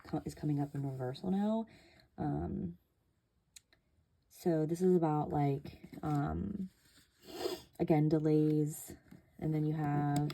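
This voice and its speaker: Low-voiced woman doing a casual tarot reading. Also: gravelly, mellow, slight background noise. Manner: chatty, many fillers, swears casually. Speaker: tarot reader.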